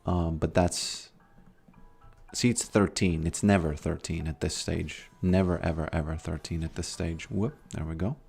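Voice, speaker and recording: A man with a very low voice talks through his game on a live stream. He thinks aloud in a relaxed way and often trips over his words before finishing a thought. Faint music plays underneath. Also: unhurried, creaky, breathy edge. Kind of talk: casual live-stream commentary.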